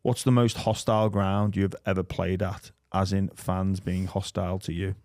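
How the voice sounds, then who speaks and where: Low-voiced Liverpool man telling stories. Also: normal speed, dry recording, studio quality. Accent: Liverpool English. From England. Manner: rambling, animated storytelling with acted-out quotes. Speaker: podcast host. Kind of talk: casual chat.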